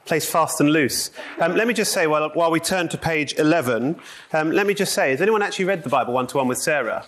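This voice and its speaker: A man's voice: a little high, fast talker, fairly bright tone. Joking man teaching with a cold. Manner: jokey, self-deprecating, chatty. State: has a cold. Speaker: Bible study teacher. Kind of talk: informal Bible teaching to a group. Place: meeting room with a live audience. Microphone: no microphone.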